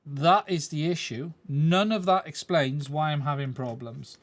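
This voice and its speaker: A man with a fairly high, somewhat bright voice and wide pitch swings speaks at a measured pace, recorded dry. He's live-streaming the repair of a radio controller at his workbench, thinking aloud and chatting with viewers. He uses a desk mic and switches mics during the stream.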